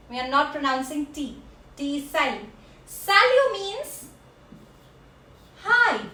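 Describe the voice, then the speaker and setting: A woman teaching a French class, slowly repeating each word for her learners. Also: sits high, pushed and bright. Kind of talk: classroom language lesson. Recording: echoey room.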